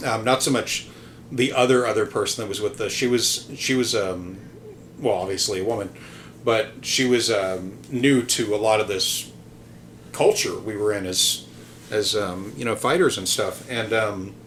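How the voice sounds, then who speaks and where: A man hosting a podcast, lowish-voiced but fairly bright, tells a casual story at a moderate pace. It comes out rambling and hesitant, full of ums and restarts, with some casual swearing and slight hiss or hum.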